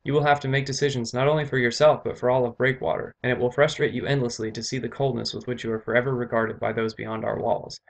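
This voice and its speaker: Stern commanding earl, loud and firm, read by a male narrator. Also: medium pitch, little pitch movement, quick pace, gravelly, few pauses, close to an everyday voice.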